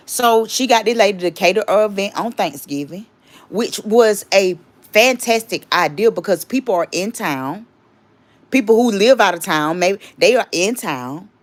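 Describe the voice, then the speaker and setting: A woman's voice: medium pitch, moderate pace. A woman hosting a casual livestream, rambling chattily and stopping to greet and thank viewers. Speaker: livestream host.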